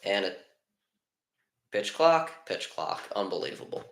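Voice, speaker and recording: A man giving live fan play-by-play of a baseball game, frustrated and alternating between low muttering and excited pitch calls. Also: a little slow, vocal fry, roomy sound. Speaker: fan commentator.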